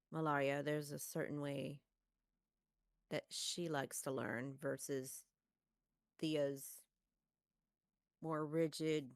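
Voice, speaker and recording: Slow, gravelly low-voiced woman player. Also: no room sound, clean studio sound. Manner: rambling, speaks of her character in third person. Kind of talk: casual tabletop role-play.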